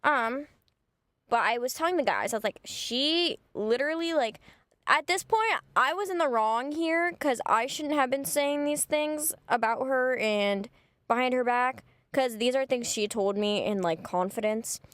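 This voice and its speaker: A young woman chats through a gossipy story from her own life, her voice sitting a little high. She talks in a loose, rambling way, filling her lines with "like." The sound is close and dry, with no room around it. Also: lively intonation, normal speed, fairly bright tone, no room sound. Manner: chatty, gossipy, full of "like". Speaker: vlogger. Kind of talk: casual storytime.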